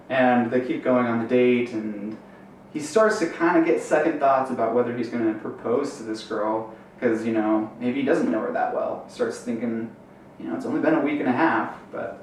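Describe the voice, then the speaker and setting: A young man telling a long rambling joke story with lots of fillers, building to a punchline. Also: mid-range voice. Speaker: amateur comedian. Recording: roomy echo, distant mic, faint noise.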